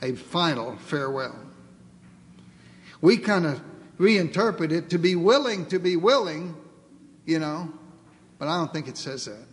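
A man delivers a sermon in a slightly high voice, dramatic and full of contrast. He drops to hushed tones, then rises into pleading. His voice rings with a long echo in a large hall. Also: lively intonation, measured pace, long pauses. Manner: dramatic, acts out dialogue with God. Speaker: preacher.

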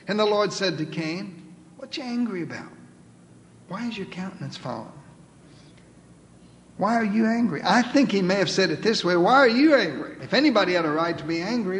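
High-voiced preaching man in a reverberant hall. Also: a little hiss or hum. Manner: emphatic preaching, quoting scripture, dropping to soft pleading. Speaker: pastor. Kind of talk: sermon. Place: church sanctuary.

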